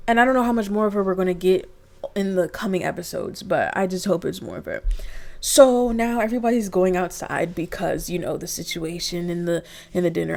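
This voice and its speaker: Animated young woman reviewing reality TV. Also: fairly low pitch, vocal fry. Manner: animated, profane, acts out quotes in exaggerated voices. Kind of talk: casual episode review. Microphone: computer mic.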